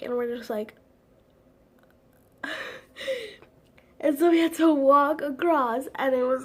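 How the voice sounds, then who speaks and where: Rambling, slightly breathy teen girl vlogger. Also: fairly high pitch, measured pace, long pauses. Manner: rambling, full of "like" fillers, giggly. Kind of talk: casual chat to camera.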